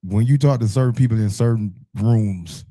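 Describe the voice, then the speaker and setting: Mellow man with an Alabama accent. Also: fairly low pitch, moderate pace, dry recording, studio quality. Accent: Alabama Southern US. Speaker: radio show co-host. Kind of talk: casual chat.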